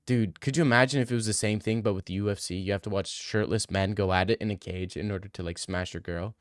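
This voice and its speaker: A man's voice: on the low side, fairly even intonation, fast, dry recording, clean studio sound. A young man livestreaming, answering chat in casual, crude, teasing banter. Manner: joking, teasing, profane.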